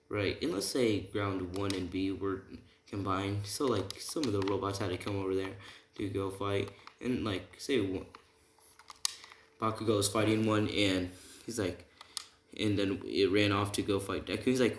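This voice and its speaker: Man, very low voice, casual rambling storyteller, "he's like" retellings, echoey room, keyboard typing behind. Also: fairly even intonation, measured pace, slight background noise. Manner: rambling, retells dialogue with lots of "he's like" and "right?". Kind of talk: casual fan-fiction storytelling.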